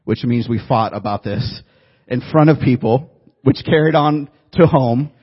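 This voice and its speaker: A man with a husky, slightly breathy voice delivers a sermon in a relaxed storytelling manner, teasing his listeners now and then. The recording sounds dull and lo-fi, as though captured in a church room. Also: mid-range voice, unhurried. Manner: conversational storytelling, joking with the audience. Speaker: pastor. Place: church room before a congregation.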